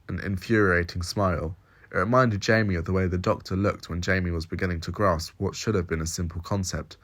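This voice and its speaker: Very deep-voiced male story reader. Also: fairly quick. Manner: steady, descriptive storytelling. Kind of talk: audio story narration.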